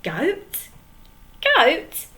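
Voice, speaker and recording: A woman's voice: high-pitched, huge pitch swings, slow pace, pushed and bright, voice pushed up, exaggerated voice. A woman voicing a bossy male pirate chief in a storybook reading, barking orders. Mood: demanding.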